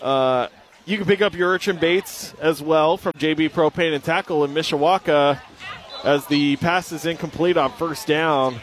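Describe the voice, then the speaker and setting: A man calling a high school football game live, lively and joking, reading sponsor spots between plays. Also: moderate pace. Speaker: play-by-play announcer.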